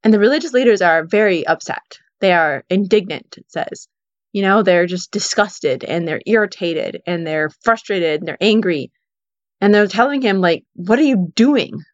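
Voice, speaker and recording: Speaking at a normal pace in a lowish voice, a woman offers a casual Bible teaching, recounting the story with frequent fillers like "you know" and "like." There's no room sound, and the recording comes across dull and dry.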